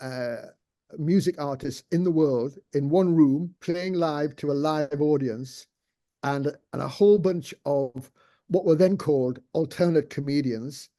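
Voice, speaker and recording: Man, older, mellow warm tone, rambling interview chat, restarts. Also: a little high, measured pace. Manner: rambling, many restarts and fillers. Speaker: interview guest, former TV executive producer.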